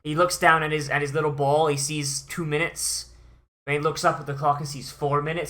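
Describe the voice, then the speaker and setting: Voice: medium pitch, level tone, brisk, bright, forceful tone. Exasperated, swearing anime reviewer. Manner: profane, exasperated, sighing. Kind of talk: ranting watch-along commentary.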